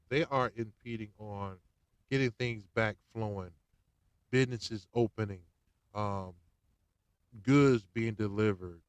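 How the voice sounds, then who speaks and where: Brief: male podcast host, slangy rant, mid pitch, dry close sound. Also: dry recording. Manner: animated, slangy, swings between loud and hushed. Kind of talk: casual political rant.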